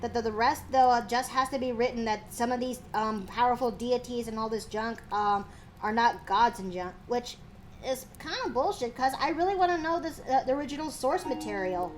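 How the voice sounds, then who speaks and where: A woman streamer chatting casually on a voice call, excitable and rambling with many fillers. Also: on the high side, brisk, a little hiss or hum. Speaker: streamer host. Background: background music.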